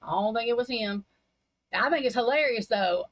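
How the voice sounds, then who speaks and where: A woman talking casually on a live stream, blunt and full of cursing as she rambles from one gripe to the next. Her voice sits a little high, and the sound is close and dry with no room around it. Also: lively intonation, normal speed, dry recording, poor audio. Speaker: livestream chat participant. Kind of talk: casual chat.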